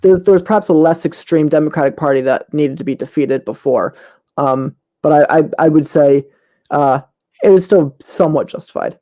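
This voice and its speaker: Male debater, mellow and dark, earnest and hesitant. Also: fairly high pitch, moderate pace. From United States. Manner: earnest, hesitant, searching for words. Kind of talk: online debate, answering questions.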